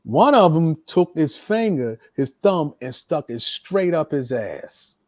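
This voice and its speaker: A man's voice: a little high, slow, no room sound. A man, a veteran wrestler, telling stories casually on a podcast and acting out the quotes. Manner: animated storyteller, acts out quotes. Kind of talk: casual storytelling chat.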